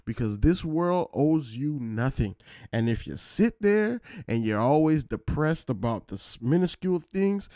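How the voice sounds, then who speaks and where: A man's voice: mid-range voice, a little mellow, dry recording. Laid-back slangy man, dry sound. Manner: laid-back slangy, says bro a lot. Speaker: reaction video host. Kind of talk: casual chat.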